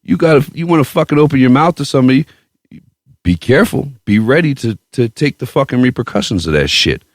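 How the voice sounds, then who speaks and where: A man hosting a podcast, telling a story in casual chat with a profane, boastful, animated way of talking. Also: mid-range voice, fast talker, no echo, clean studio sound. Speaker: podcast host.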